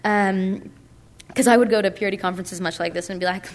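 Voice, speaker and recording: A young woman gives a casual, chatty personal testimony at a purity conference, full of likes and ums. She speaks fast, medium-pitched and steady, with slight background noise.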